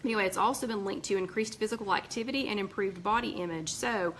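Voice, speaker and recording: A woman's voice: medium pitch, fast talker, slight background noise, poor audio. A woman with a Southern American accent hosting a casual live chat, talking in a chatty way with many ums and a slightly tired voice. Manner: chatty, warm asides, frequent ums and restarts. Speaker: host of a weight-loss group live chat. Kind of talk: casual live-stream chat reading viewer comments.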